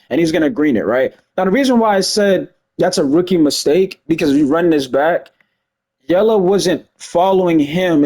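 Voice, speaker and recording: A man with a fairly high, very lively voice talks viewers through a game replay. His speech is fast, emphatic and conversational. He keeps checking in with them as he makes his points. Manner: fast-talking, emphatic, keeps asking "you see what I'm saying". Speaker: gaming video commentator. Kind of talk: casual gameplay breakdown.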